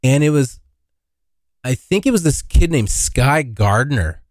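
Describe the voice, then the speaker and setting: A young man tells a rambling, profane story on his own podcast, his pitch swinging widely as he acts out the scenes. The sound is dry and close, with little room behind him. The talk stays loose and casual. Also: measured pace, no echo. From Washington State, US. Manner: rambling, profane, animated when acting out scenes. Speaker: podcast host.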